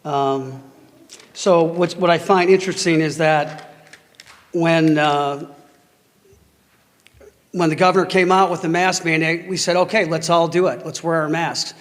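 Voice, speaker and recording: Heated dad at board meeting mic, high voice, boomy hall reverb. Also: male voice, steady tone. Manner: angry, emotional, halting. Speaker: parent giving public comment. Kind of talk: heated public comment at a meeting.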